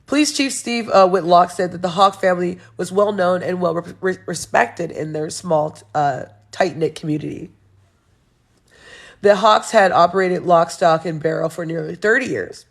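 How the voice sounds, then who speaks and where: A woman's voice: lowish voice, moderate pace, creaky. A young woman hosting her own show, reading news headlines aloud and reacting with blunt, sarcastic remarks and frequent laughs. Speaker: show host.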